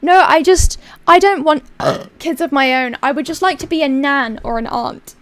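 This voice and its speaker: A woman's voice: sits high, normal speed. A young woman streamer with a put-on British accent, chatting casually, crude and rambling as she reads viewer messages. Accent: put-on basic British accent.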